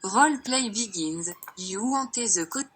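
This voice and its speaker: A woman's voice: mid-range voice, lively intonation, unhurried, a bit bright, slightly rough. A synthetic woman's voice with a French accent, reading replies evenly and politely. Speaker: AI chat voice.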